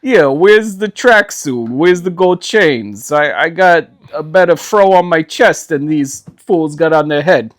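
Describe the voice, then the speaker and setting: A man's voice: fairly high pitch, lively intonation, unhurried, few pauses, pitched above the performer's own voice. A man doing a macho Jersey deli guy. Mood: macho boasting. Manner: boastful macho bluster. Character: swaggering Jersey Italian deli stocker, macho.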